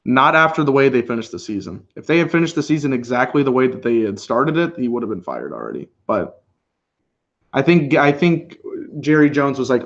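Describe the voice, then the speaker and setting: A man's voice: medium pitch, brisk, muffled recording. A man co-hosting a live football reaction stream, chatting casually and calling plays as they happen. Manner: relaxed, laughs often, calls plays as they happen. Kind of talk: casual live play-by-play chat.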